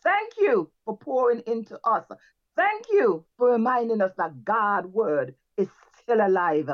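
A woman's voice: on the high side, sing-song, a little slow. Fervent woman leading closing praise, lo-fi. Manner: fervent, repeating praise phrases between lines. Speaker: worship leader closing a church service. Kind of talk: closing prayer and exhortation.

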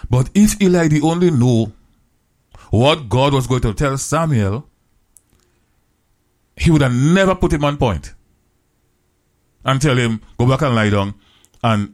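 Man preaching a retold Bible story. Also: mid-range voice. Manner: retells scripture in plain creole-flavored English, with repetitions; drops to slow, drawn-out words for scripture quotes. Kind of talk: storytelling sermon.

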